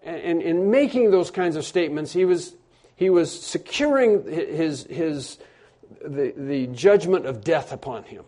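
Earnest, mellow-voiced male preacher. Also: on the high side, expressive, a little slow. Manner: earnest storytelling, swings between hushed and emphatic; repeats and restarts words. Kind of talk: sermon.

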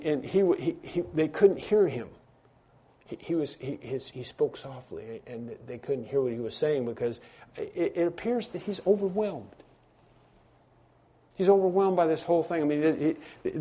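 A man delivers a sermon as a story, his voice mellow and a little high for a man. He drops to near-whispers and then builds to emphatic lines, often stumbling over and repeating his words. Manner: earnest storytelling, swings between hushed and emphatic. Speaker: preacher.

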